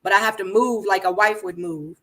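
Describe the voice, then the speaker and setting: A woman's voice: medium pitch, fairly even intonation, a little fast, pushed and bright. A woman hosting a casual reality-show recap, talking emphatically and repeating her points as she rants. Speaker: host.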